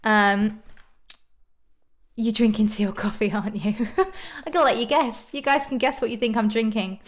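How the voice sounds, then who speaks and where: A woman's voice: on the high side, moderate pace. A woman from Ireland chatting casually on a live stream, reading out viewer comments and answering them. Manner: bubbly, frequent ums and laughs.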